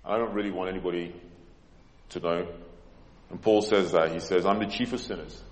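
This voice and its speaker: A low-voiced man delivers a sermon in a large, echoing church hall. He dramatizes his quotes with sudden emphatic surges, and the long reverb trails every phrase. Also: steady tone, fairly quick. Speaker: preacher.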